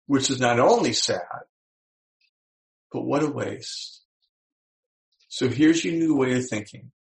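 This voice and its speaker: A man giving a motivational talk to an audience, animated and acting out the voices he quotes. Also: mid-range voice, creaky, rough recording. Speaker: motivational speaker.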